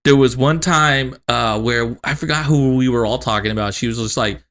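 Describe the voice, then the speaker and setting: A man's voice: medium pitch, moderate pace, fairly bright tone. Laughing, swearing podcast co-host man. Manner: laughing storyteller, swears freely, acts out quotes. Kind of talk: casual chat.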